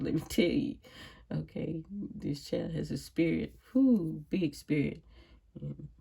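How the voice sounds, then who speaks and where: A woman's voice: sits low, gravelly, mellow, slightly rough. A grieving woman talks to camera at home in a casual personal monologue. She is reflective and sighing, with frequent prayerful exclamations. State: grieving, emotionally drained. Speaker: vlogger. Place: at home, indoors.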